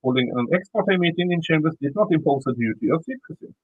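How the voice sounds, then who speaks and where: A man's voice: fairly high pitch, lively intonation, fast, no echo, phone-quality sound. A man with a Swedish accent reading a legal motion aloud and commenting on it, often stumbling and repeating words as he reads. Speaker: YouTube commentator.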